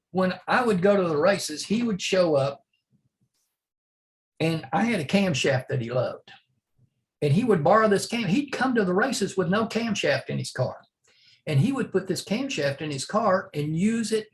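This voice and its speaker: A man's voice: high-pitched, expressive, moderate pace. An older man from Oklahoma telling rambling, chuckling stories as an interview guest. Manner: rambling anecdotes, chuckling often. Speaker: interview guest, retired drag racer. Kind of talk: casual storytelling.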